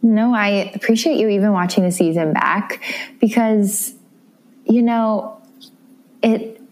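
A woman's voice: mid-range voice, slow, a little mellow. A young woman from the Midwest, a guest in a casual interview, speaking candidly and emotionally with many restarts. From American Midwest.

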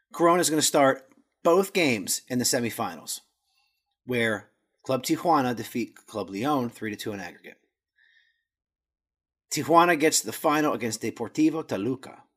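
This man hosts a podcast and walks through a footballer's career and stats in relaxed talk, fumbling Spanish words and mocking himself. His mid-range voice is fairly bright with a breathy edge.

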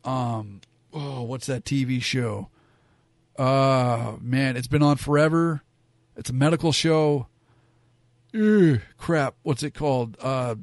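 Casual male opinion host, frank and rambling, mid-pitched, dry room. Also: dry recording. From Southern California. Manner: rambling, frank, many fillers. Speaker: wrestling commentator.

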